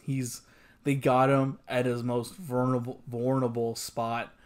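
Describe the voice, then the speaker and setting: A man's voice: medium pitch, level tone, slow. A young man hosting an anime reaction, exclaiming and swearing, often repeating himself in disbelief. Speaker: anime reaction channel host. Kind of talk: emotional anime reaction commentary.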